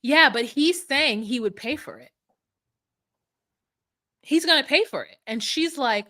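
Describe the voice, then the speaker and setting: A woman co-hosting a casual podcast, animated and swearing freely, mimicking people in a mocking voice. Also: high-pitched, unhurried, long pauses. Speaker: podcast co-host recapping a reality show. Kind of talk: casual chat.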